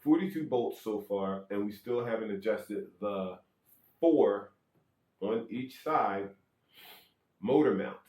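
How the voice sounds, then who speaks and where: A man's voice: on the low side, expressive, slow pace, long pauses, a little mellow, echoey room. A man giving a casual, rambling how-to on checking an electric skateboard, counting threads and bolts aloud, correcting himself and joking as he goes.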